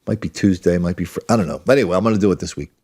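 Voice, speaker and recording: A man's voice: deep voice, very fast, a little mellow. Blunt, rambling male podcast host. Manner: rambling, with many restarts and asides; blunt and combative. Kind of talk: solo opinion monologue.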